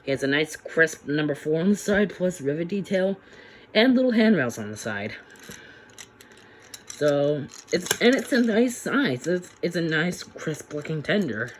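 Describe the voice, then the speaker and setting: A man's voice: fairly high pitch, big pitch swings, unhurried, a little hiss or hum. A man casually reviewing a toy train set, chatty and rambling with frequent restarts.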